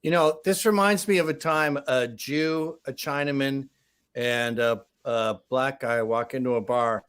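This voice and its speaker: A man in casual chat, telling a joke in a rambling, deadpan way. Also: medium pitch, a little slow, clear, resonant tone.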